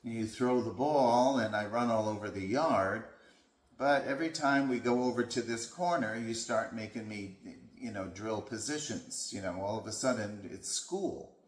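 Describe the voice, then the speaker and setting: A man's voice: fairly low pitch, moderate pace, lightly acted. A man voicing a reluctant pet dog that is tired of training drills, speaking in a whiny, complaining way. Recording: echoey room.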